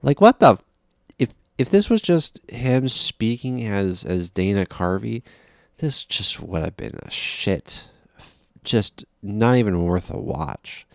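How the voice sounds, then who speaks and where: A man's voice: lowish voice, animated, slow, vocal fry, no room sound, studio quality. A man giving a casual, rambling film review, exasperated and profane, with frequent restarts.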